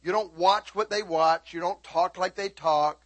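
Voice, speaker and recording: A middle-aged man preaching a sermon as a pastor. He tells stories with lively energy, breaks into sudden high shouts, and keeps checking in with his listeners. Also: unhurried. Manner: animated storytelling, sudden high shouting bursts.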